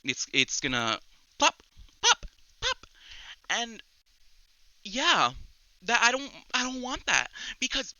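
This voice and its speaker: Sharp-voiced young man rambling excitedly. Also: extremely high pitch, slow pace, long pauses, dry recording, rough recording. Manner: rambling, excitable, restarts often. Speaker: podcast host. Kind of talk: casual solo chat.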